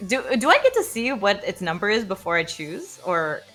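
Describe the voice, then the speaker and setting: A woman's voice: mid-range voice, wildly swooping pitch, normal speed, a bit bright, soft background music. A woman playing a tabletop game casually, thinking aloud in a hesitant, giggly way. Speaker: player.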